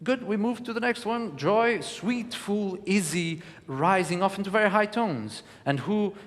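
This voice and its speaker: A man lecturing and coaching verse declamation, animated and encouraging, with frequent hesitation fillers. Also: high-pitched, normal speed, big-room sound. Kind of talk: teaching lecture with spoken demonstrations.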